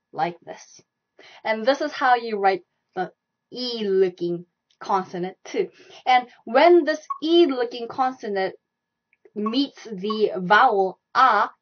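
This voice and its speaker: A young woman teaching a live online Korean lesson, repeating stroke directions and sounds over and over as she demonstrates. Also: mid-range voice. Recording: dull lo-fi live stream audio.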